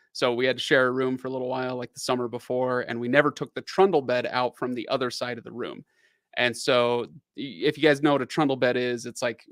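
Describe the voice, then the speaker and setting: A man's voice: mid-range voice, a bit bright. A middle-aged man telling a long personal story on a casual livestream. He talks animatedly, laughs often and uses lots of fillers and restarts, in a plain mid-range voice. The sound is dry and close, with no room echo. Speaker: livestream host.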